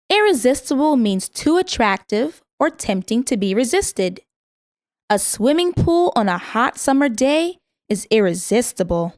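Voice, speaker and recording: A woman reading a scripted vocabulary lesson in a measured way, saying each word twice so learners can repeat it. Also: fairly high pitch, no room sound, clean studio sound. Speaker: vocabulary instructor.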